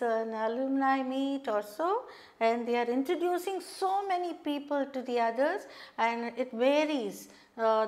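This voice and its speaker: Slow high-voiced teacher. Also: female voice. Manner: patient, explains intonation, many fillers. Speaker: English teacher. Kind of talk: slow classroom lesson reading dialogue aloud.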